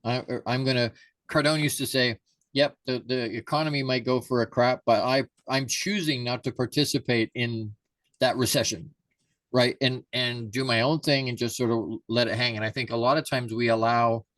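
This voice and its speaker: Male mindset coach, mid-pitched, emphatic, dry close sound. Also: fairly even intonation, normal speed, a bit bright, dry recording. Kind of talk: conversational interview.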